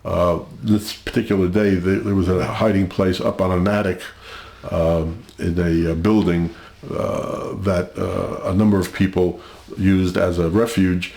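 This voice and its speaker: An older man recounting family history as an interview guest, speaking in a halting, measured way with many pauses and fillers. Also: low voice, flat delivery, vocal fry, darkish tone, echoey room.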